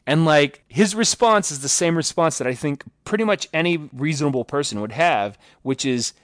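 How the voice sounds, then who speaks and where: Animated man mocking a movie, dry sound. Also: fairly high pitch, normal speed, no room sound. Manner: animated, mocking, acts out quotes. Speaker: podcast co-host. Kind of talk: casual movie review chat.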